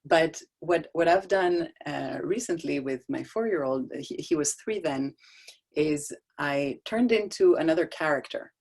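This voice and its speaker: A middle-aged woman with a notably low voice talks about parenting over a video call. She tells stories conversationally, laughing often and restarting her sentences. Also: measured pace, a little mellow. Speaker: guest speaker on child development. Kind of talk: casual talk on a video call. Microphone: video call microphone.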